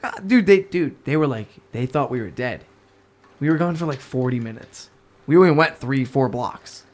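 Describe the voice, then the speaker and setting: A man's voice: mid-range voice, normal speed. A young man from the New York area, a podcast guest telling a story in casual talk, swearing and acting out the people in it. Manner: animated, swearing, acts out voices in his stories.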